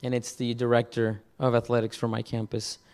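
A man preaching, telling a personal story in a halting way, with many repeated words and restarts. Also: medium pitch, monotone, a little mellow. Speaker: pastor. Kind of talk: sermon testimony.

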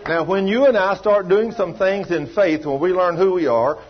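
A man's voice: high voice, normal speed, highs cut off, background noise. A man preaching a sermon, telling a story and acting out the voices of the people in it, in a folksy, down-home way. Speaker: pastor.

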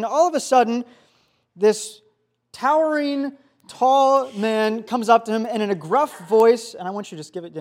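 A young man giving a youth sermon, telling a story in a casual, animated way full of fillers. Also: high-pitched. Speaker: youth pastor.

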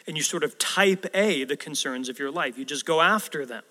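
A man preaches a sermon with an easy, conversational delivery, often turning to the congregation with rhetorical questions. His voice sits a little high for a man. A long reverb from the large church hall hangs on every phrase. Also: fairly quick, hardly any pauses, bright, forceful tone. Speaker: pastor.

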